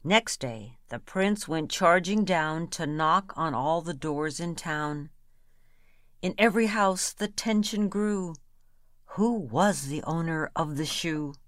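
A woman reads comic rhyming verse in a slow, playful rhythm. Her voice sits a little low, and the recording is close and dry with no room sound. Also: expressive, fairly bright tone, no echo. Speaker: reader.

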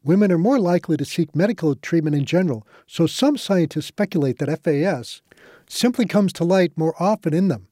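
A man narrates a scripted nonfiction piece in a steady, measured voice. His tone is mellow and slightly higher than usual for a man. The recording is close and dry. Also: no echo.

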